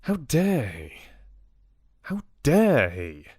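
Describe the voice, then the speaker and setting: A man's voice: on the low side, lively intonation, moderate pace, dry recording, studio quality, natural voice. A man voicing a posh young prince, clipped and irritable yet fond, with a British accent. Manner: clipped, upper-class.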